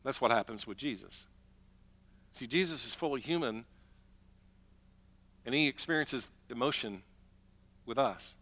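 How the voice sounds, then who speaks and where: A man preaching a sermon as pastor, emphatic, swinging between loud declarations and hushed, slow moments. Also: mid-range voice, lively intonation.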